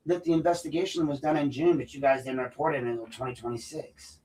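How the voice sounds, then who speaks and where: A man's voice: medium pitch, fairly even intonation, fast, darkish tone, distant mic, poor audio. Profane, combative man ranting off-mic. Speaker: podcast host. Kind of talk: unscripted solo rant.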